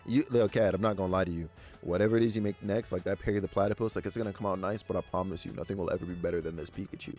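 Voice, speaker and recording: A man's voice: low voice, steady tone, racing, a little mellow, soft background music. A man streaming live, gushing over fan art with hyped, slangy, profane chatter at a desk microphone. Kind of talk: excited live-stream chat.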